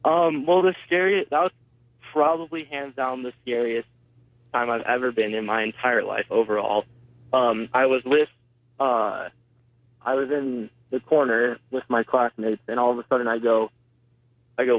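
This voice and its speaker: A man's voice: medium pitch, steady tone, measured pace, no echo. Teenage boy on a tinny phone line. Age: teens. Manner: hesitant, retelling events with many fillers. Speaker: student interviewee. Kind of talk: phone interview.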